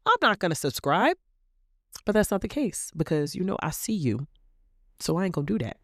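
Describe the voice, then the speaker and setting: A woman's voice: on the low side, brisk, no room sound, clean studio sound. A woman hosting a motivational podcast, talking animatedly to her listeners and acting out little quoted exchanges. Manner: animated, acts out quoted voices, addresses listeners as queens. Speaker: podcast host and coach. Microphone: podcast mic.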